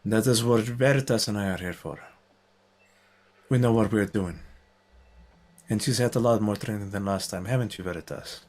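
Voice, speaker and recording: Man calmly explaining plans at a game table. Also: on the low side, normal speed, pauses often. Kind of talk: in-character tabletop role-play.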